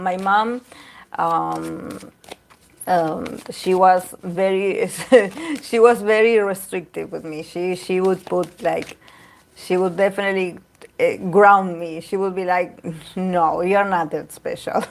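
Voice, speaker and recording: A woman with a slightly low voice talks openly about herself. She rambles in a loose, unscripted way, full of fillers and restarts. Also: slow, gravelly. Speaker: tarot reader. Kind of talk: casual talk to camera.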